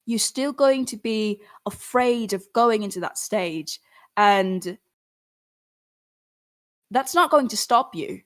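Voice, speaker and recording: A young adult woman, a singer talking casually and earnestly to fans on a livestream, encouraging and animated, with sudden rises in pitch. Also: slow pace, pauses often. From Philippines. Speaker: singer and artist answering fans.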